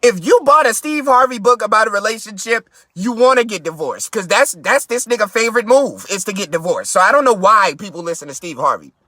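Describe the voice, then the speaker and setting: High, bright-voiced man ranting in his car. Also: lively intonation, a little fast, hardly any pauses, dry recording. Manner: loud, mocking and boastful, swinging his pitch way up in outbursts. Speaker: podcast host. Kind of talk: profane comedic rant.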